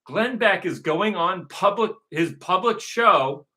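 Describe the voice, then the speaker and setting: A man's voice: sits high, expressive, slow pace, bright, forceful tone. A man hosting his own show, delivering a repetitive, emphatic ranting monologue with frequent profanity. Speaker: show host.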